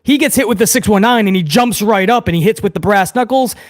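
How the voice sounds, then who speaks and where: A fast-talking man with a high voice hosts a wrestling review show, ranting heatedly to his chat during a live watch-along. He swears plenty.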